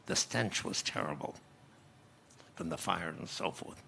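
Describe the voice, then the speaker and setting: Gravelly, deep-voiced man in his nineties. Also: expressive, bright, forceful tone, slight background noise. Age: 90s. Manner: measured, reflective storytelling with pauses. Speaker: conference guest speaker. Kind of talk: recounting memories on stage. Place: conference stage.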